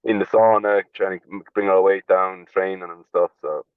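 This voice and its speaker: A man's voice: deep voice, steady tone, normal speed, clean tone, dry recording. An Irish man, a podcast guest, telling stories in a casual, blunt way, swearing freely and chuckling as he goes. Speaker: podcast guest, slap fighter. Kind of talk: casual storytelling chat. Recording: tinny phone-like line, dry.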